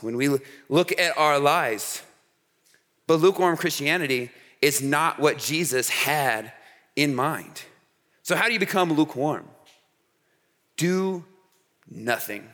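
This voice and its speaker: A man preaching a youth sermon at a camp, telling stories in an animated way and checking in with the crowd with "okay?" and "all right?". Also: a little high. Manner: animated storytelling with frequent "okay?" asides. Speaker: camp speaker. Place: large hall with an audience. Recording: hall reverb.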